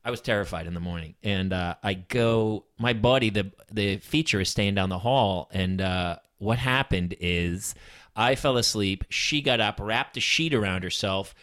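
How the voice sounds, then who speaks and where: A man's voice: lowish voice, normal speed, fairly bright tone. A middle-aged man hosting a casual podcast, joking and laughing while he tells his own road story. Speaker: podcast host.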